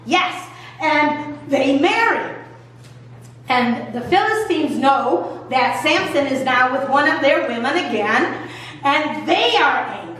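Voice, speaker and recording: Woman pastor, high pitch, jokey casual storytelling, very echoey church, distant mic, faint hiss. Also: slow. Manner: lively, jokey, colloquial storytelling. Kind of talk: retelling a Bible story. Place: church sanctuary. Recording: echoey hall, mic far off.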